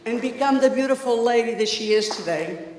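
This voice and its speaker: A man's voice: extremely high pitch, fairly quick. An older man, the bride's parent, giving a reflective, sentimental wedding toast. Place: wedding reception hall. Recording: echoey hall with long reverb, background noise.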